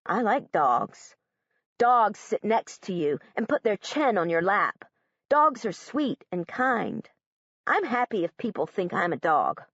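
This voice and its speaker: A woman reads an audiobook in the first person as a young girl, literal and matter-of-fact, her pitch swinging in a lively way. The recording is dull and muffled and very dry. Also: unhurried, no echo. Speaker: audiobook narrator.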